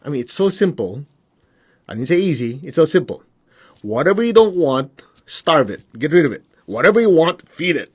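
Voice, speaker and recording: A man who works as a spiritual teacher, giving a casual teaching on a live stream. He talks conversationally, keeps asking whether things make sense, and mimics his students in high voices. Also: very animated, moderate pace, slightly rough. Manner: conversational, asks the audience whether it makes sense.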